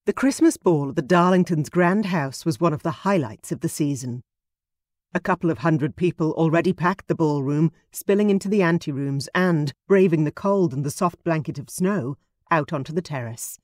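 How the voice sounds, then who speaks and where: A woman narrating a period romance audiobook in a measured, expressive studio reading. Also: low-pitched, dry recording.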